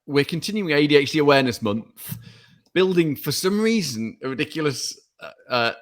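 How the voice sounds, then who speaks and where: A man's voice: fairly high pitch, expressive, moderate pace. A man with a Staffordshire English accent, co-hosting a podcast with dry, self-mocking humor. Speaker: podcast co-host. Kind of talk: casual banter.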